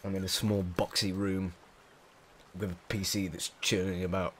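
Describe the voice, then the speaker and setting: A man's voice: low-pitched, level tone, normal speed, slight background noise. A young English man commentating his game play from a small room at home, jumpy, panicky and swearing a lot. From England. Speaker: gamer.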